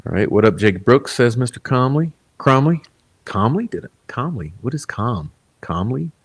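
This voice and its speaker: A man's voice: mid-range voice, big pitch swings, normal speed, breathy edge. A man hosting a casual livestream, reading viewer comments aloud in a laid-back, rambling way, chuckling often. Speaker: livestream host.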